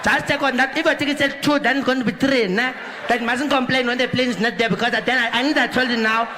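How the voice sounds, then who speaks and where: A squeaky, very high female airport gate announcer, as a male comedian puts her on, rambles in broken English. She repeats every announcement and laughs through them, heard live from a comedy stage with a noisy crowd behind. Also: fairly even intonation, quick pace, pushed and bright. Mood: rambling. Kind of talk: stand-up comedy impression. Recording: live room noise with crowd.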